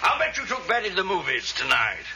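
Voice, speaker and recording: An actor playing a gruff, mocking father in a 1940s radio comedy. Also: high voice, wildly swooping pitch, quick pace, exaggerated voice. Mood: scornful. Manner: mocking and blustery. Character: gruff, scornful father of the girlfriend. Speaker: girlfriend's disapproving father. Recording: hissy old radio broadcast.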